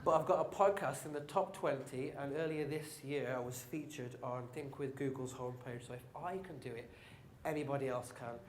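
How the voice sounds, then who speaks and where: Brummie man in his thirties, upbeat conference speaker, mid pitch, roomy hall with faint ambience. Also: brisk, background noise. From England. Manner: upbeat, joking, addresses audience directly. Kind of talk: live marketing talk.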